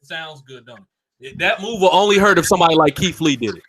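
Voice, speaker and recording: A man's voice: on the high side, animated, fast, crowd noise. A man hosting a casual wrestling talk show, speaking bluntly and swearing freely. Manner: blunt and profane. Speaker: podcast host.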